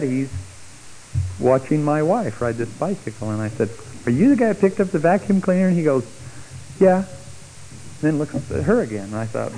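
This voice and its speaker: A middle-aged man telling a personal testimony story, acting out the voices of the people in it with big jumps in pitch. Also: a little hiss or hum, poor audio. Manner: animated, acts out quoted speech with big pitch jumps.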